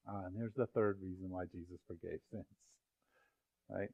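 A man's voice: low-pitched, brisk, creaky, slightly rough, dull audio. A male pastor preaching to his congregation in a loose, conversational way, full of jokes and asides to the room. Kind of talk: sermon. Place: church sanctuary.

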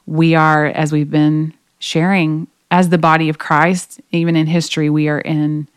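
A woman with a low, smooth voice tells a personal story in an earnest, emotional way, with plenty of fillers. She is a podcast guest, speaking close to the mic in a dry room. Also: level tone, normal speed, no echo. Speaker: guest, singer. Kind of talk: conversational faith podcast storytelling.

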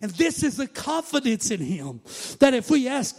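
Pastor, high-pitched man; sermon that swings between hushed asides and loud, chanting outbursts. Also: wildly swooping pitch, a little slow, slightly rough. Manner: swings from quiet asides to shouted, sing-song preaching.

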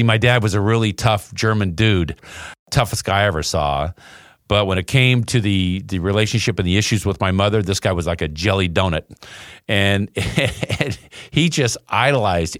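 Older male podcast host, folksy storyteller, lowish dry voice. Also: dry recording. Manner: folksy, emphatic, chuckles. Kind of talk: storytelling monologue.

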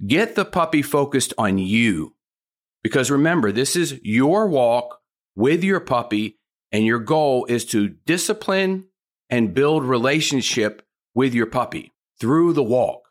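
A man's voice: medium pitch, a bit bright. A man giving a dog training lesson, firm and plain-spoken, who repeats his key points. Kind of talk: instructional talk.

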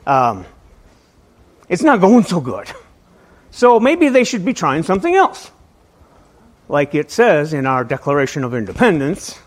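A male pastor giving a casual, conversational sermon to a small church, often stumbling on and repeating his words. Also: sits high. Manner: conversational, self-deprecating, repeats words when starting sentences.

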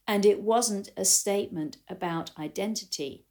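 A woman's voice: medium pitch, moderate pace. An older woman, a riding coach, giving a reflective talk to riders and telling stories in a thoughtful way. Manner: thoughtful, storytelling, animated quotes.

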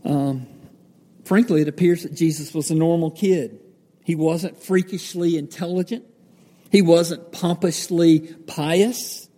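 A pastor giving a sermon, teaching from the Bible in a conversational way, with fillers and self-corrections. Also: male voice, fairly high pitch, fairly even intonation, measured pace, dark tone. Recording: echoey hall with long reverb.

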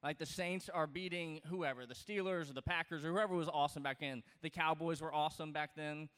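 A man from Louisiana, preaching a sermon in a relaxed, joking way with many fillers and restarts. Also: fairly high pitch, brisk, clean tone. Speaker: pastor. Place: large church auditorium. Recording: reverberant hall.

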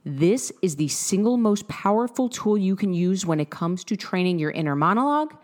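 A woman in her thirties giving an upbeat, direct coaching talk to listeners, with lively bursts of emphasis. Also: on the low side. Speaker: mindset coach.

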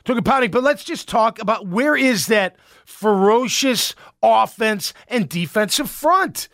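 A man's voice: high-pitched, unhurried, a bit bright, no echo, studio quality. A man hosting a sports talk show, giving fired-up, emphatic, rambling opinions.

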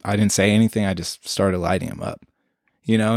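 Man, low voice, casual storytelling, animated, swears, dry close sound. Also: brisk, dry recording. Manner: animated, swears freely, acts out quotes.

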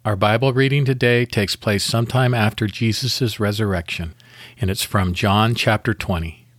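A man with a fairly low voice leads listeners through a guided devotional meditation. He reads in a calm, measured, unhurried manner. The sound is dry and close, with no room around it. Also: no echo. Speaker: devotional podcast host.

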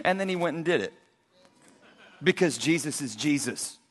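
A man preaching a sermon as a pastor, telling stories in a lively way and acting out the characters. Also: a little high, normal speed. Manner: animated storytelling preacher who acts out the characters. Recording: reverberant hall.

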